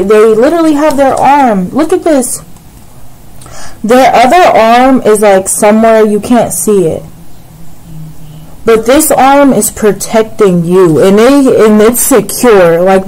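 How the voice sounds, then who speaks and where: A woman's voice: a little high, mellow, low-quality recording. A woman giving a casual tarot reading straight to the viewer, rambling and filling her talk with "like" and "it's like". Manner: rambling, repeats "like" and "it's like", addresses viewer directly. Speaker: tarot reader.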